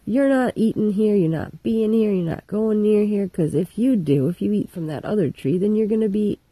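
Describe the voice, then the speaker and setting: A woman's voice: medium pitch, normal speed, mellow, breathy edge, dry recording, voice pushed up, close to an everyday voice. A woman ranting as a furious God. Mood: angry, ranting. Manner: crude, ranting, profane. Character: furious scolding male God, booming.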